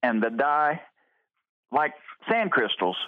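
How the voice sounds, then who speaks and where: A man from Oklahoma calling into a radio show, explaining earnestly and haltingly. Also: medium pitch, big pitch swings, no echo. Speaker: caller. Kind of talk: phone-in question. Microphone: telephone. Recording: tinny phone line.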